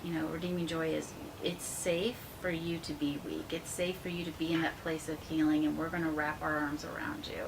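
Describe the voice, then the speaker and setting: A woman guest in a casual interview, telling her story with animated quotes that soften into a hushed, earnest tone. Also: sits low, fairly quick, creaky, few pauses, background noise. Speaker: interview guest, ministry founder.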